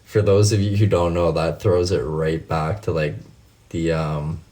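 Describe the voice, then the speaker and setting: A man's voice: low voice, little pitch movement, a little slow, dark tone. A man, chatting casually on a late-night livestream, answering viewers by name, laughing often and swearing freely. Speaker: livestream host.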